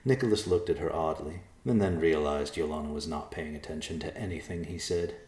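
A man narrating an audiobook in a measured, deliberate way. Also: a bass voice, a little mellow. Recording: echoey room.

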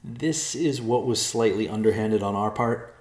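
A man's voice: fairly low pitch, unhurried, a little mellow, echoey room, pitched above the performer's own voice, natural voice. A man voicing a nervous adult man in a storybook reading, pleading earnestly and stammering.

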